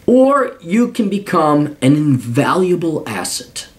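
A man's voice: fairly high pitch, sing-song, slow pace. A man hosting a podcast, giving blunt, profanity-laced advice in a rambling monologue full of restarts.

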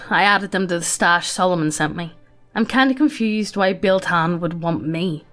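A woman reads a sci-fi story aloud in a plain, casual, matter-of-fact voice at a middle pitch. Her delivery is unhurried and conversational, with quick laughs slipping in, and faint music plays underneath. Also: fairly bright tone. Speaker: story narrator.

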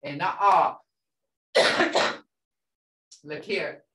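Woman, language teacher, patient, repeats words, lower voice, echoey room. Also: very slow, fairly bright tone. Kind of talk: classroom language lesson. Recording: roomy sound from a distance.

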